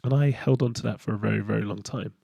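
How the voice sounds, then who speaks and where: A man's voice: on the low side, steady tone, quick pace, vocal fry, dark tone, no echo, studio quality. A middle-aged man speaking a candid, hesitant personal monologue as a podcast host, with fillers and restarts.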